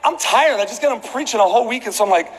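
High-voiced preacher in an echoey hall. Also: male voice, rapid-fire. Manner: animated, comedic storytelling. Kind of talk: storytelling sermon. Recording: echoey hall with faint background noise.

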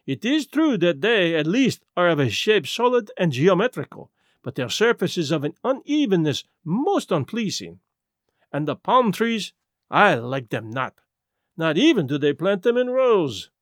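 A man putting on a fussy, vain Belgian detective for an audiobook, speaking in measured, slow, precise phrases with a pitch that sits above an ordinary man's. Complaining and particular, he weighs every word, and the lively melody dips and climbs. The recording is close and dry. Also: no room sound.

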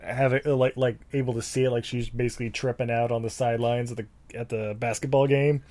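A man's voice: medium pitch, little pitch movement, fast talker, darkish tone. A man co-hosting a podcast, recapping a movie in a casual, rambling, profane way with lots of fillers. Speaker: podcast co-host.

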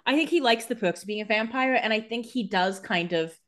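A woman's voice: fairly high pitch, brisk, fairly bright tone. A woman co-hosting a podcast, recapping a TV episode in casual chat, chatty and analytical with a wry edge. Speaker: podcast co-host.

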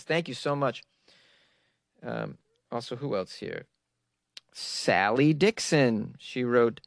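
A man hosting his own comedy news podcast, chatting casually and mocking himself with quick asides to listeners. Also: mid-range voice, lively intonation, fairly bright tone, no room sound, clean studio sound. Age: adult, working full-time. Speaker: podcast host.

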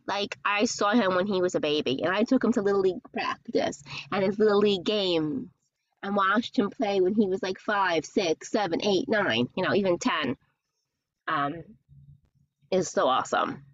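A woman hosting her own podcast, chatting casually and rambling from topic to topic, gushing when she gets excited. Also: fairly low pitch, no echo, highs cut off. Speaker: podcast host. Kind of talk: casual solo chat.

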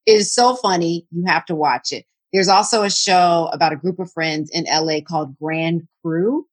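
A woman co-hosting a casual chat, talking in a relaxed, chatty way with enthusiastic recommendations. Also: fairly low pitch, normal speed. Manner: teasing, then enthusiastic recommending.

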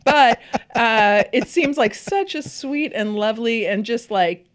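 A woman co-hosting a casual TV chat, listed as a podcast co-host, talks effusively with many fillers and frequent laughter. Her voice is on the high side and a little slow.

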